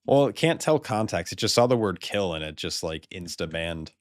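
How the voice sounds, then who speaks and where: A man's voice: sits low, animated, moderate pace, dry recording, studio quality. An American man rambling casually while streaming a game, swearing freely and laughing often. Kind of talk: casual live-stream chat.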